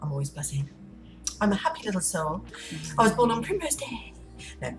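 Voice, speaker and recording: A woman's voice: mid-range voice, big pitch swings, brisk. A woman chatting to camera in a vlog at home, unplanned, rambling and playful. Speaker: vlogger. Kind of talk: unplanned casual chat to camera. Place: room at home. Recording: echoey room, distant mic, faint music.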